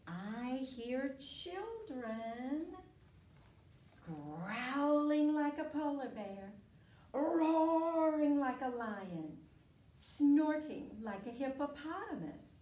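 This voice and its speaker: A woman reading a picture book aloud to children in a slow, sing-song way. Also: sits high, sing-song, mellow. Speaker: story time reader. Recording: echoey room, mic far off.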